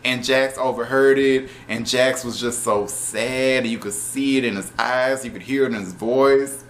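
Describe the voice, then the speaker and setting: A man reviewing a show episode in casual, animated talk, exasperated and profane, with laughing asides. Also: medium pitch, measured pace, slight background noise.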